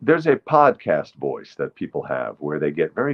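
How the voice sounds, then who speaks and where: A man hosting a casual solo livestream, chatting in a rambling way with viewers in the chat and now and then singing slowly to a ukulele. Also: rumbling low, huge pitch swings, muffled recording. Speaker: livestream host.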